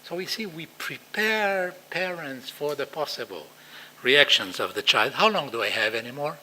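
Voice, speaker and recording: Israeli guy giving a conference talk, bright voice, acts out lines loud. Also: on the high side, normal speed, slight background noise, rough recording. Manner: animated, acts out quoted dialogue loudly. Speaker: lecturer.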